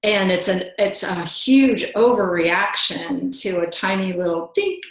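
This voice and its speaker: With a mid-range, animated, slightly slow voice, the middle-aged woman tells personal stories as a guest on a podcast. She is earnest and reflective and keeps restarting sentences; the room adds an echo.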